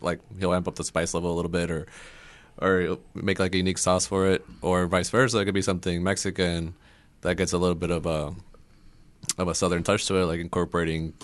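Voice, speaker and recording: Low-voiced owner guy, talks fast, laid-back explaining. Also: fairly bright tone. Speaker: restaurant owner guest. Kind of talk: casual chat.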